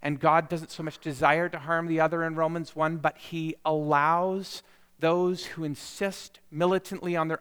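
A man preaching a sermon, moving from quiet reflection to impassioned emphasis. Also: a little high, clear, resonant tone. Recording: long hall reverb.

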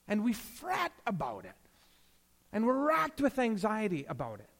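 A man preaching a sermon as a pastor, telling stories and swinging between hushed, slow passages and emphatic rises. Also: high-pitched, huge pitch swings, in a large hall.

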